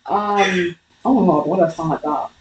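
A young woman with an English accent, co-hosting a casual podcast chat, talking fast and slangy. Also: on the low side, echoey room, recorded from a distance, background noise. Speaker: podcast co-host.

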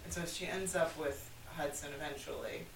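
A woman's voice: deep voice, steady tone, normal speed. A woman co-hosting a podcast, chatting casually with lots of "like" fillers. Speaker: podcast co-host. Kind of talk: casual chat. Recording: echoey and a bit distant with faint hiss.

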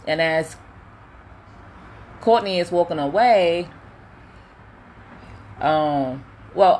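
A woman casually recapping a reality show, opinionated and animated, with lots of fillers. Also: low-pitched, a little hiss or hum. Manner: chatty, opinionated, animated retelling with quoted voices; many fillers like um and you know. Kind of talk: casual chat.

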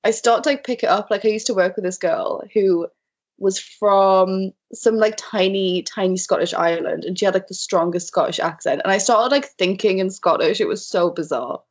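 A young woman in casual podcast chat, animated and giggly, filling her talk with "like". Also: mid-range voice, normal speed, slightly rough. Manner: giggly, animated, says like a lot. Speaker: podcast co-host.

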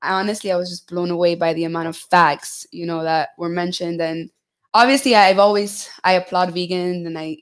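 Young female guest, low-ish voice, congested from a cold, relaxed conversational delivery. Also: brisk. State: stuffy from a cold. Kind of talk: casual chat.

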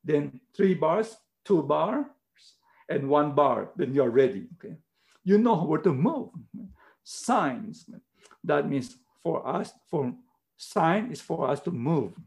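A man's voice: on the high side, big pitch swings, takes it slowly, creaky, a little mellow. A middle-aged man preaching a sermon in earnest, emphatic, simple English, repeating his key words. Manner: non-native English, simple phrasing.

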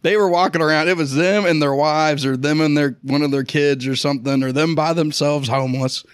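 A man's voice: on the high side, steady tone, brisk, clean tone, no echo. Podcast co-host, Atlanta man, blunt and profane, dry close sound. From Atlanta, Georgia. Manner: blunt, swearing storyteller. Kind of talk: casual sports chat.

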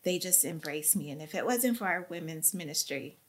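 A woman being interviewed, giving an emotional personal testimony with halting, earnest speech and fighting back tears. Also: low voice, expressive, slight background noise. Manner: earnest, halting, with many fillers. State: tearful, near crying.

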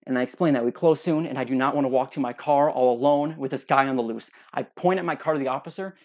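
A young man with a mid-range voice talks fast while hosting his own podcast. Animated, he tells a funny personal story and acts out other people's lines.

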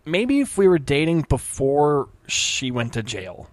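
A man's voice: on the high side, measured pace, dry recording. Easygoing young man telling stories. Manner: relaxed storyteller, lots of "like" fillers. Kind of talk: casual chat.

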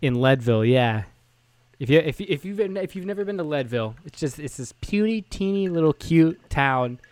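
A man's voice: on the high side, expressive, moderate pace, darkish tone, dry recording. A young man co-hosting a casual podcast chat, teasing his friend and laughing often. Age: young adult. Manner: teasing, laughing, mock voices for jokes. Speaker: podcast co-host.

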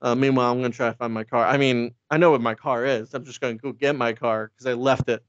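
A man recaps a comic in a loose, joking chat, rambling and putting on quick voices for the characters. His voice is smooth and clear, recorded dry and close. The audio sounds a little dull. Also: medium pitch, steady tone, dry recording. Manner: rambling, joking, acts out lines in quick impressions. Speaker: podcast co-host recapping a comic. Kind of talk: casual comedic recap.

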